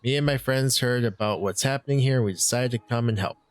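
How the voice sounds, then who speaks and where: A man's voice: mid-range voice, quick pace, smooth, natural voice. A man doing a serene older German-accented rocker. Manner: calm and polite.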